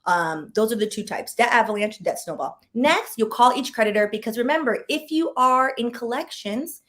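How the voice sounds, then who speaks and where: A woman's voice: on the high side, animated, normal speed, a bit bright. A woman and former lawyer hosting a casual advice chat, candid and self-deprecating, repeating words for emphasis and making asides to her viewers. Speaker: former lawyer and channel host.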